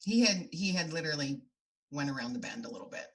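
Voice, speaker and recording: A woman's voice: low voice, expressive, fast talker. A middle-aged woman speaking as a podcast guest, telling her stories in an earnest, heartfelt way. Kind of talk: podcast interview.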